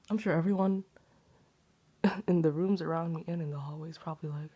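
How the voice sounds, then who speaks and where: A woman vlogging casually from a room indoors, dramatic and cursing, swinging between loud outbursts and whispers. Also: deep voice, slightly rough, dull audio. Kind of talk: casual vlog.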